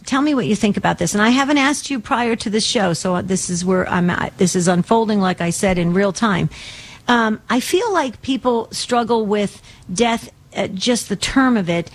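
A woman hosting a faith talk show who rambles, with many restarts and fillers. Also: mid-range voice. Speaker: radio show host.

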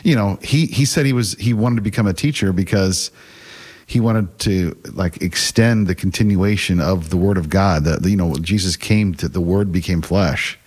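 With a deep, darkish voice at a moderate pace, a middle-aged man shares stories as a guest. He teaches a faith class and speaks casually and sincerely, now and then stumbling and restarting.

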